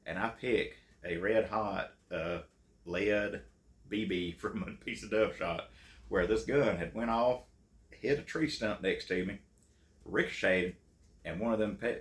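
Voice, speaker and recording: A man with a deep, gravelly voice tells folksy hunting yarns to his channel, chuckling through the funny bits. His low voice has a rough, fried edge. The room around him is roomy and echoey. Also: a little slow. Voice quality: gravelly, folksy and laughing easily. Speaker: channel host and storyteller. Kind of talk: casual storytelling.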